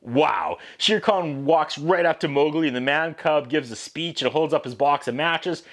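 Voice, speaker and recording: A man's voice: fairly high pitch, moderate pace, fairly bright tone. Wisecracking man reviewing old tapes. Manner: sarcastic, wisecracking. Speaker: VHS reviewer. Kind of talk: casual commentary.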